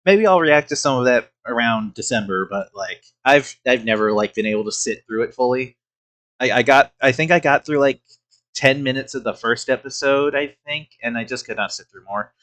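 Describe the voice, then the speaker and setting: Man, casual reaction commentary, mid pitch, frequent laughs, loose swearing. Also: normal speed, fairly bright tone. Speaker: reaction streamer host.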